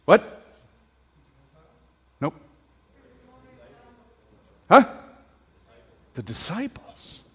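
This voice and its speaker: A male pastor preaching in a church hall, his voice sitting high and leaping up and down as he drives home his points. He peppers the congregation with rhetorical questions and pushes toward a shout at the peaks. Long reverb trails every line. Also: big pitch swings, very slow, pauses often, husky. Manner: raises voice to near shouting at peaks. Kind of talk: sermon.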